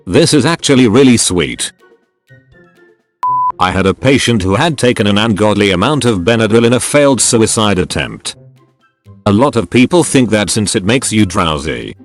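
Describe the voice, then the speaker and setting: A man reading online stories aloud in an animated storytelling delivery. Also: lowish voice. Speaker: narrator reading forum stories.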